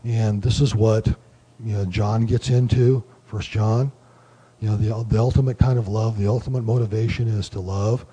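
A man giving a relaxed Bible study lecture, explaining word meanings and thinking aloud with many fillers. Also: fairly low pitch, moderate pace, slightly rough. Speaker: Bible teacher.

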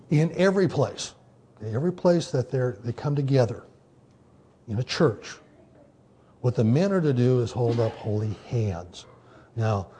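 Husky-voiced man preaching a casual sermon. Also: medium pitch, dark tone. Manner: conversational teaching with frequent "okay" and "you know". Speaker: pastor.

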